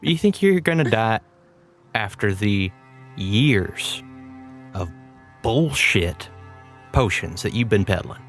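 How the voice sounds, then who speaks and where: A man's voice: lowish voice, animated, slow, long pauses, a bit bright, soft background music, exaggerated voice. A man voicing a stern, no-nonsense woman healer who scolds with folksy phrasing. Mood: scolding.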